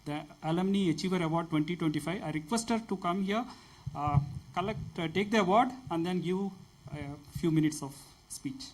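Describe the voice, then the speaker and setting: A man presenting awards at a ceremony on an auditorium stage, announcing winners formally with some halting pauses. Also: sits high, poor audio.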